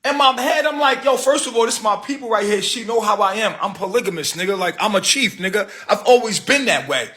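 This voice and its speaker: A man's voice: sits high, expressive, fairly quick, few pauses, pushed and bright. A man hosting a livestream, telling a story in a heated, profane rant full of street slang. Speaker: livestream host.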